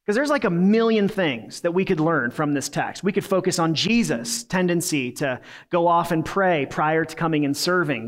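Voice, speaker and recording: A male pastor gives a Sunday sermon, talking to the congregation in an earnest, relaxed, conversational way. His voice sits a little high for a man, and he drops in casual fillers and restarts as he goes.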